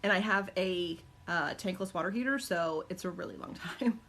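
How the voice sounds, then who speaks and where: A middle-aged woman, a live-stream host and caregiver mom, chats casually from her home, answering viewer questions with lots of ums and likes. Her voice is fairly bright and moves at a moderate pace, and she slips into high, cooing baby talk with her dogs.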